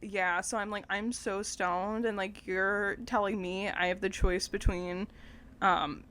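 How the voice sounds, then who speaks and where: A woman's voice: medium pitch, flat delivery, measured pace, a bit bright. Giggly young woman chatting casually. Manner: chatty, loose storytelling with lots of "like" and giggles. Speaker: podcast co-host. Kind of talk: casual chat.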